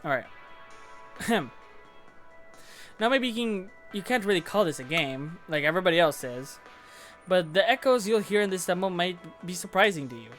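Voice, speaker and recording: A chatty gaming host talks through a console demo at home in a loose, giggly, self-interrupting way. The voice sits at an everyday middle pitch, with faint music playing underneath. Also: lively intonation, normal speed, long pauses, fairly bright tone. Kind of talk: casual gameplay commentary. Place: home room with a fan running.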